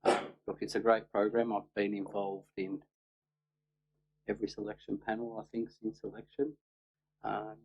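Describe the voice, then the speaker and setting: A man's voice: on the low side, level tone, normal speed, gravelly, pauses often, breathy edge. A man speaking as a councillor at a meeting, hesitant and full of fillers. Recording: muffled lo-fi audio.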